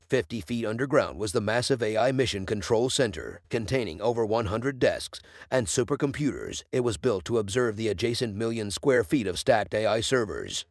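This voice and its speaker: A man's text-to-speech voice giving scripted narration of a story in a steady, even reading. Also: lowish voice, dry recording, studio quality.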